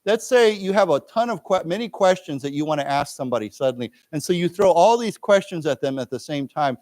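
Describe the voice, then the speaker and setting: A man's voice: on the high side, animated, fairly quick, a little mellow, dry recording. A man teaching an English lesson, explaining words with everyday examples and often checking in with "okay?" and "right?". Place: library lecture room.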